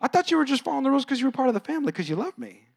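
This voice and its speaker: A man in his thirties or forties preaching a sermon, animated, acting out voices with big swings in pitch. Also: racing, gravelly. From California. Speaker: pastor.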